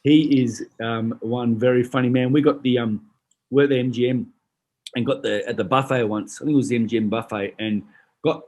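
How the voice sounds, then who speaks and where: Fast-talking husky Australian man. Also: mid-range voice. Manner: animated, swears freely, acts out voices in his stories. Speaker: guest, retired boxer. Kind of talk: casual storytelling.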